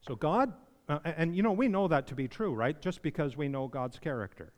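Pastor preaching in a reverberant hall. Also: male voice, on the high side, animated, brisk. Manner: conversational, rising to emphatic pleading when voicing others. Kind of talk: sermon.

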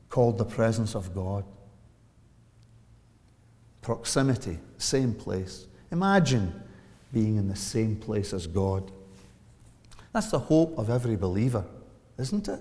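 A Scottish man in his forties preaching a sermon, telling a story with big swings in pitch and loudness. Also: lively intonation, slow, long pauses, in a large hall. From Scotland. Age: 40s. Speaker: pastor. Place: church.

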